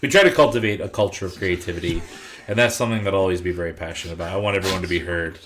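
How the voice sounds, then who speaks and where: A man who is a brewery guest on a podcast, chatting casually with deadpan jokes. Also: low voice, racing, heavy background noise. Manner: joking, deadpan asides.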